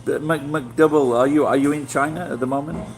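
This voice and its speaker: A man's voice: fairly high pitch, fairly even intonation, a little fast, soft background music, rough recording. Blunt Yorkshire man chatting casually. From Yorkshire, England. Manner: rambling and blunt, swears freely, many restarts. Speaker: vlogger chatting with live viewers. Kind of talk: casual livestream chat.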